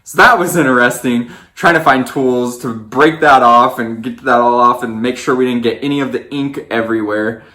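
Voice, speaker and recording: A man's voice: moderate pace, hardly any pauses, reverberant. A young man casually recounting his wedding day as a storytime, acting out what people said. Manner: animated storyteller, acts out quotes in a higher voice.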